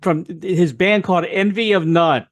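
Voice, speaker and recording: A man's voice: high-pitched, moderate pace. A man hosting a casual interview over a video call, laughing easily between short reactions. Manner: laughs often, brief reactions. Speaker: host.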